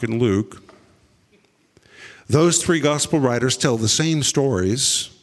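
A man preaching a sermon, telling the story dramatically and acting out what people said. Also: in a large hall. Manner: dramatic storytelling, acting out quotes with big swings in pitch and pace.

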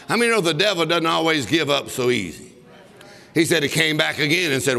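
A man's voice: fairly high pitch, animated, normal speed, vocal fry, sharp tone. A man preaching a sermon, telling a story and breaking into bursts of laughter as he exhorts. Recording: long reverb of a large hall.

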